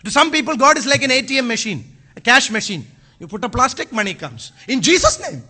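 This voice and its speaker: Pastor guy, high ringing voice, preaching and shouting bits. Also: sing-song, quick pace, slightly rough. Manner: preaching with bursts of shouting, mixes in Malayalam phrases. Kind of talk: sermon.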